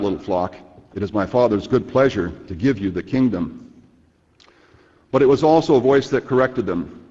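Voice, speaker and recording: A man delivering a sermon in a measured, earnest way, reading scripture passages aloud. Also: on the low side, a little mellow, slightly rough. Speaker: preacher. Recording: lo-fi with long reverb.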